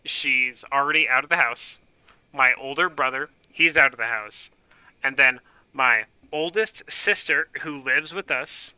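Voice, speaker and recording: A man's voice: medium pitch, measured pace, sharp tone, smooth, no echo, highs cut off. A young man casually telling a rambling, profane, self-mocking story on his gaming channel.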